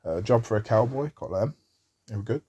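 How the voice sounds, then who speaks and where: Low husky-voiced man, rambling. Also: animated, fairly quick, mellow. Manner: rambling, chatty, wry asides. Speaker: metal fan talking about music. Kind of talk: casual monologue.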